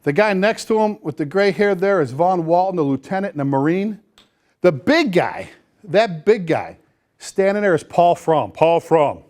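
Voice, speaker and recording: A man speaking as a fire chief at a seminar, energetic and folksy, repeating phrases for emphasis. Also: high voice, moderate pace. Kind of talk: motivational seminar talk to firefighters. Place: seminar room before a live audience.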